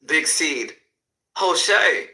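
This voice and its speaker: A Nigerian-accented male smuggler greets his partners in bright, high, cutting tones, as a man puts him on. He speaks in clipped pidgin phrasing, eager to close the deal. The delivery carries a crime-story reading. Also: lively intonation, very slow, full character voice, low-quality recording. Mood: excited.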